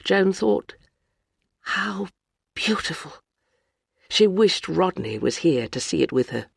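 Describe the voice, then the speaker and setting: An audiobook narrator giving a measured, even scripted narration of a novel. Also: mid-range voice, vocal fry, husky, dry recording, clean studio sound.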